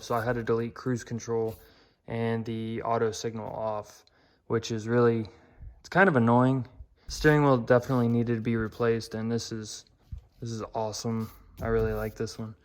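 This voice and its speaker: A young man talks through his car project in a loose, blunt vlog manner. He swears freely and pokes fun at himself. His voice sits at an everyday middle pitch. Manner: blunt, swearing, self-deprecating. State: out of breath. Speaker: car vlogger. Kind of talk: casual vlog. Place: home garage.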